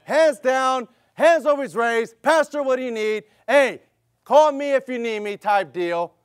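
Pastor, middle-aged man, very high voice, dry close sound, emphatic preaching. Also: measured pace, clean tone, no room sound. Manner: emphatic, repetitive preaching with call-and-response. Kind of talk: sermon with personal story.

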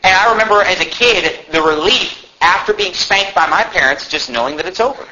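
A man preaching a sermon in an animated way, now and then shouting mocking impressions. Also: high voice, brisk, highs cut off, background noise. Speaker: pastor.

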